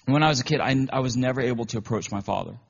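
Husky-voiced man preaching conversationally. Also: medium pitch, very fast. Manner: conversational storytelling, often emotional. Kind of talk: sermon. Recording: dull lo-fi recording.

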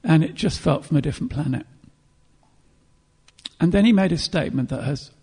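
A man preaching a sermon in an earnest, reflective way, pausing to clear his throat and restart phrases. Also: fairly high pitch, animated, mellow.

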